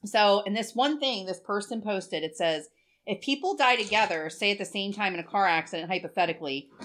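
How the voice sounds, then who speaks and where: A woman's voice: medium pitch, a bit bright. A woman in her forties, co-hosting a podcast and telling a story in a chatty, emotional way, with plenty of swearing. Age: 40s. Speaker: podcast co-host. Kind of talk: casual chat.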